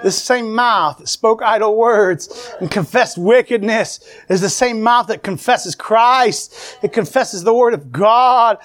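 A man's voice: high voice, slow pace, few pauses, fairly bright tone. A man preaching a fervent sermon to a congregation, calling out amen and praise the Lord.

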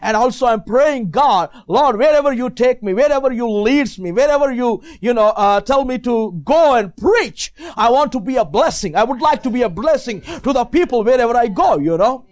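High-voiced preacher with non-native English. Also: male voice, animated, normal speed, few pauses. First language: not English. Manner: many fillers, rising to shouted praise. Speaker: visiting preacher. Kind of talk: sermon.

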